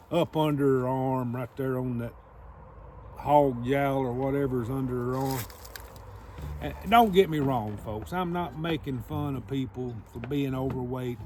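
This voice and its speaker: A man telling a funny story in a folksy, drawn-out way. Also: mid-range voice, a little mellow. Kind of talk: casual storytelling.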